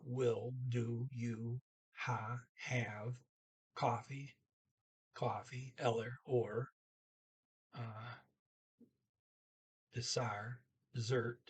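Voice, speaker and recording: Husky-voiced man teaching, slow and halting. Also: mid-range voice. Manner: thinking aloud, halting with fillers. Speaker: language teacher. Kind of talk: language lesson talk.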